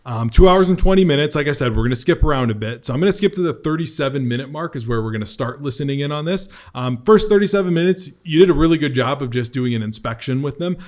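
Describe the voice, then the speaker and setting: A man's voice: a little high, animated, quick pace, hardly any pauses, a little mellow. A man hosting a podcast, reviewing a recorded sales appointment in a conversational way and recapping points for the audience. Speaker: podcast host, sales coach.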